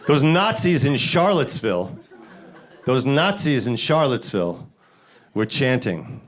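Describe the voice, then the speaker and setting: A man from the Bronx doing a stand-up set, deadpan setups that jump to loud high voices for punchlines. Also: moderate pace. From the Bronx, New York. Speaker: stand-up comedian. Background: audience laughter.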